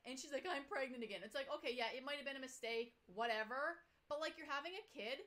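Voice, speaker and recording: A woman's voice: high-pitched, fast talker, bright, forceful tone. A woman co-hosting a casual TV recap chat, ranting bluntly and sounding exasperated. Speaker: podcast co-host.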